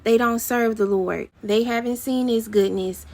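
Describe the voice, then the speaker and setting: Woman minister giving a prophetic word, slightly high voice, fervent, repetitive, slangy between scripture. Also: steady tone, unhurried, a little mellow. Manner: casual slang mixed with scripture reading.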